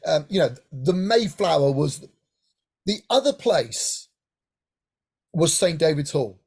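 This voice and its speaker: Husky middle-aged man telling stories. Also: on the high side. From England, Hampshire. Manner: animated anecdotal, frequent "right?" asides. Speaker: guest singer-songwriter. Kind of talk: casual interview storytelling.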